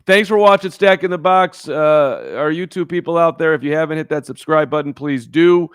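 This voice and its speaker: A man's voice: on the high side, moderate pace, smooth, dry recording, clean studio sound. A man co-hosting a casual sports podcast, telling a rambling story with lots of restarts. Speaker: podcast co-host. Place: in Chicago.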